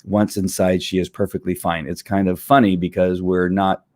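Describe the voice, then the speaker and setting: A man who trains dogs, answering viewer questions in a rambling, animated way. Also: deep voice, moderate pace, no room sound, clean studio sound. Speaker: dog trainer. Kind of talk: casual Q&A talk.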